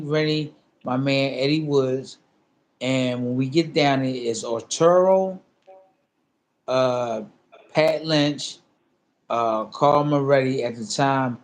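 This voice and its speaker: Animated middle-aged man telling a story. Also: mid-range voice. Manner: animated storyteller who acts out both sides of a phone call; loose, repetitive phrasing with many fillers. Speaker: interview guest, former boxer. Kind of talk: casual storytelling in a sit-down interview.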